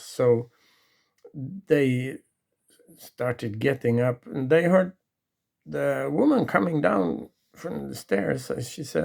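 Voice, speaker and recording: Storyteller, man, gravelly and unhurried, halting delivery. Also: medium pitch, lively intonation, a little mellow. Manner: halting, with restarts and pauses. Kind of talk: retelling a true story from memory.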